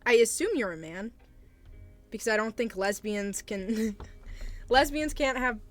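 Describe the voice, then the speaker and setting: A woman's voice: a little high, unhurried, faint music behind. Hesitant, apologetic young woman streamer. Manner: hesitant and apologetic, awkward laughs. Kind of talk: casual livestream advice chat.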